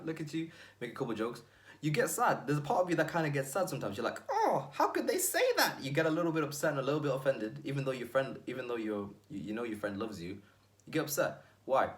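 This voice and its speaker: A man hosting his own video, giving an energetic motivational talk to the viewer with emphatic repetition and frequent asides. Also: medium pitch.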